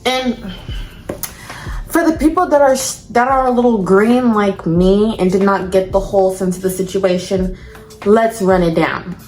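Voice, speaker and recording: A woman's voice: medium pitch, a little slow, a little mellow, reverberant, soft background music. A young woman telling a storytime vlog to her viewers in casual slang, addressing them as y'all. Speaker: storytime vlogger.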